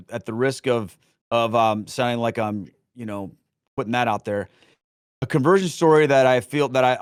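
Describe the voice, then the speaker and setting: A man's voice: mid-range voice, no room sound, clean studio sound. A middle-aged man answering questions in a casual Q&A, rambling with frequent restarts and fillers. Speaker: guest, Catholic speaker and former pastor.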